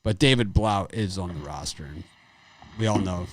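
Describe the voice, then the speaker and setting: A man's voice: low voice, expressive, normal speed. A man hosting a live sports betting show, talking bluntly and casually with frequent restarts and some swearing. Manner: blunt, profane, rambling with restarts.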